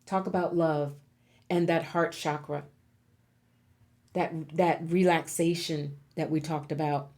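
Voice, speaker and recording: Leading a pick-a-card tarot reading for her viewers, this woman sounds low-pitched and darkish. Her tone is encouraging and emphatic, with key words repeated for effect.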